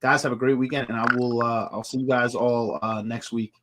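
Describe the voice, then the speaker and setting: Fast-talking man hosting a podcast. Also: medium pitch, fairly even intonation, background noise. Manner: rambling, repeats himself, quotes movie lines. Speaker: podcast host. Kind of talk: casual live podcast chat.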